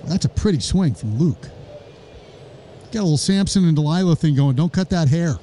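A man's voice: a little high, slight background noise. Wry baseball play-by-play man. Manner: brisk, wry, jokey asides, rising excitement on big plays. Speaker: play-by-play announcer. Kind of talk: live baseball commentary.

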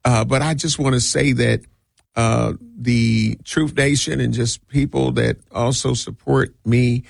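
A man filling in as radio host, talking casually and animatedly, with quick laughs and mock voices. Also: medium pitch, steady tone, vocal fry, breathy edge, no echo, studio quality.

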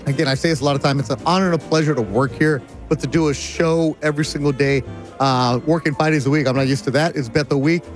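Man, radio host, casual upbeat talk, higher pitch, faint music. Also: steady tone, fast. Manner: upbeat, hyping up co-hosts. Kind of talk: casual on-air chat.

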